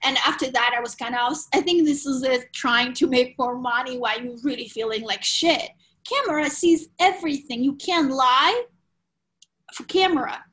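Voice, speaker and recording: A woman, a podcast guest frankly telling a personal story in animated, loose English. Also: high-pitched, normal speed, rough recording. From Ukraine. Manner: animated, frank, swears casually, non-native grammar.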